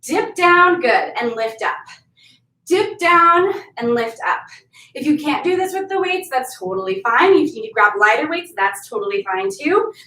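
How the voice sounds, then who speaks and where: High-voiced woman leading a workout. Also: sing-song, moderate pace, bright, forceful tone. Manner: upbeat, counting out moves. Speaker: fitness instructor. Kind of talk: workout class told as a story. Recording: roomy, from mic distance.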